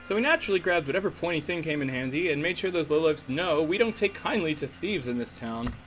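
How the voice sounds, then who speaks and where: A man voicing a loud, gossipy middle-aged townswoman in a game, in a put-on accent that wavers between styles. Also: fairly high pitch, animated. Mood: indignant gossip. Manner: unsure mixed accent, drawn-out. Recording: faint music underneath.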